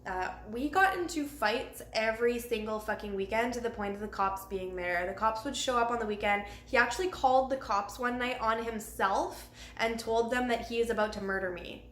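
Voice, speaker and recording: A woman's voice: on the high side, normal speed, hardly any pauses, fairly bright tone. A young woman telling her own life story to the camera, candid and raw, with frequent swearing. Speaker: vlogger. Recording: roomy echo with faint ambient noise.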